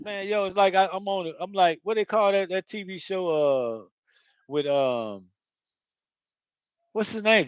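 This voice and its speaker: A man's voice: sits high, clear, resonant tone, dry recording, low-quality recording. A man hosting his own channel, giving a casual spiritual talk in a rambling way, full of profanity and street slang. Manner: rambling, profane street slang, constant "you know what I mean". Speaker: channel host.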